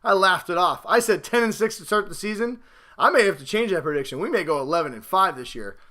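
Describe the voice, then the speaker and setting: A man hosting a casual football talk show, rambling and self-mocking, swinging between loud hype and low mutters. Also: lively intonation, quick pace. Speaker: podcast host.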